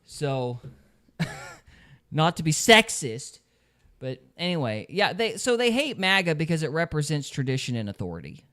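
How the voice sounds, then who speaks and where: A man's voice: on the high side, big pitch swings, unhurried, fairly bright tone, clean tone. A man hosting a podcast in casual chat, opinionated and mocking others in quoted voices. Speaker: podcast host.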